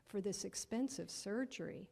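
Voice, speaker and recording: A woman's voice: mid-range voice, normal speed, vocal fry, dark tone, slightly rough. A woman voicing a worried widowed mother, speaking in a fretful way. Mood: fretting.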